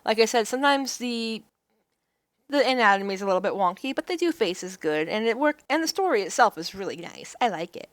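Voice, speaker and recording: A woman's voice: on the high side, expressive, brisk, dry recording. A woman in her thirties streaming a game, making giggly, playful asides between lines. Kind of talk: casual game commentary.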